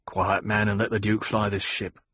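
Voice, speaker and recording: Guy reading a loyal soldier, brisk and gruff, husky. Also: fairly low pitch, little pitch movement, fairly bright tone, no echo. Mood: muttering.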